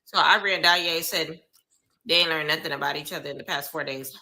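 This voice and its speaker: A woman's voice: sits low, fast talker, sharp tone, low-quality recording. A young woman giving live reaction commentary on reality TV, exclaiming and talking to her viewers in casual slang.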